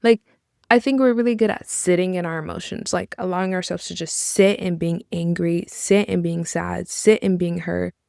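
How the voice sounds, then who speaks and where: A woman's voice: fairly low pitch, steady tone, normal speed, vocal fry, darkish tone, smooth, no echo, clean studio sound. A young woman hosting a podcast, speaking in an earnest, encouraging way with casual asides. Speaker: podcast host. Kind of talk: reflective podcast monologue.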